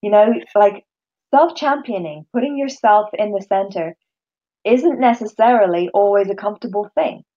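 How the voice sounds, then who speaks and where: A woman leading a course, talking in a casual conversation, animated and quick to act out other people's voices, with frequent restarts. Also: mid-range voice, muffled recording. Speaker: course leader and speaker.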